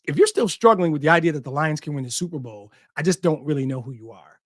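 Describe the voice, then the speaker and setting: Fast and animated, a fairly high-voiced man runs a sports podcast, pressing his points hard with repeated punchy lines and a swear word here and there. The sound is dry and studio quality.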